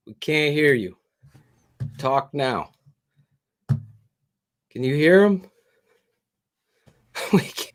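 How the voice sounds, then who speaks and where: A man co-hosting a live post-game show, ranting in a fiery, profane way and often shouting, on a video call. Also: on the high side, expressive, extremely slow, long pauses. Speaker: co-host.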